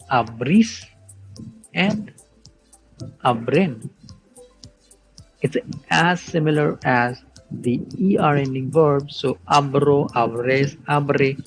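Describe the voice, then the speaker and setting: A man teaching a Spanish verb lesson online, explaining slowly and patiently, with soft music behind. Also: mid-range voice, creaky, rough recording. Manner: slow, patient explaining with spelled-out letters.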